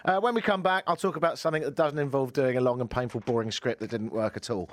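A man's voice: mid-range voice, fast talker, no echo. A man hosting a radio talk show, bantering playfully and mocking himself. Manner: playful, animated, self-mocking. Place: radio studio.

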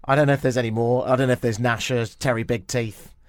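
A man's voice: mid-range voice, steady tone, fast talker. A young man hosting a radio show, joking and riffing in casual chat. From England. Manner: jokey, playful, riffing.

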